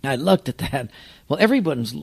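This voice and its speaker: A man who is a pastor, telling an anecdote in an animated storytelling manner. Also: medium pitch, normal speed, creaky, slightly rough. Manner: animated, lively storyteller acting out voices.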